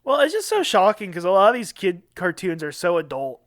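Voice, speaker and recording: A man's voice: high voice, very animated, fairly quick, a bit bright. Man playing a mock-earnest comedy podcaster. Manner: mock-earnest, laughs often. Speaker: podcast co-host. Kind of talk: satirical comedy podcast banter.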